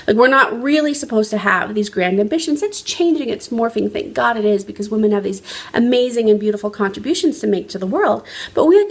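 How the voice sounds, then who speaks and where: A woman's voice: on the high side, creaky, slightly rough. A woman life coach giving an earnest, emphatic motivational talk on a phone livestream, often restarting her sentences. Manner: earnest, emphatic, frequent restarts, varying pace.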